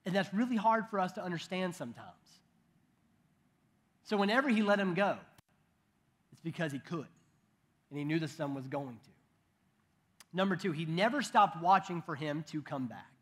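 A man's voice: sits high, lively intonation, moderate pace, pauses often, a bit bright. A man in his thirties preaching a sermon in a conversational way, with joking asides and frequent restarts. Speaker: pastor.

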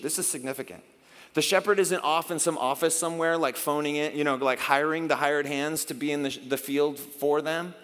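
A middle-aged man preaching a sermon in a chatty, animated way, often acting out little exchanges. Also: fairly high pitch, brisk. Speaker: pastor. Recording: long hall reverb.

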